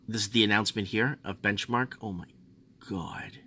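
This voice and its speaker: A man from Australia reading finance news aloud and ranting about it, sarcastic, swinging from low muttering to mocking high outbursts. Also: steady tone, moderate pace, sharp tone, slight background noise. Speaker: finance commentator.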